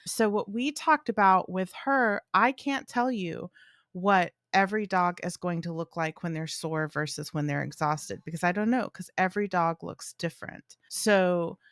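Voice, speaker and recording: A woman's voice: lowish voice, moderate pace, a bit bright, no echo, clean studio sound. A woman co-hosting a podcast about dogs, talking animatedly with lots of "like" and playful dog voices. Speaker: podcast co-host, dog trainer. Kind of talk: casual conversational chat.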